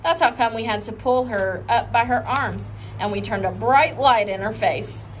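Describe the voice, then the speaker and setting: A woman reading a children's chapter book aloud with expressive storytelling. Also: fairly high pitch, moderate pace, slight background noise, rough recording. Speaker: reader.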